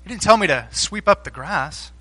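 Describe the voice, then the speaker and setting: A man voicing a young son who offers flat, literal excuses in a sermon story. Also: sits high, moderate pace, long reverb tail, exaggerated voice. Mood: matter-of-fact. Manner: matter-of-fact excuses.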